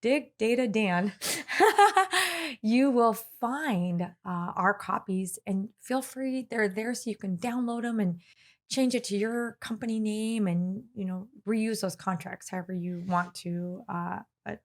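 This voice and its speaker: A woman's voice: mid-range voice, takes it slowly. A woman co-hosts a casual business podcast in a mid-range voice. She answers listener questions earnestly. She laughs easily along the way. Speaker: podcast co-host.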